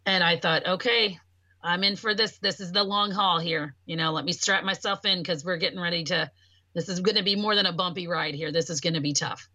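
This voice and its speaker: A woman speaks in a bright, clear voice in casual podcast conversation. She tells her own story in an animated way and acts out the people she quotes. The sound is close and dry. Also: fairly low pitch, fairly quick, dry recording. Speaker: podcast talker.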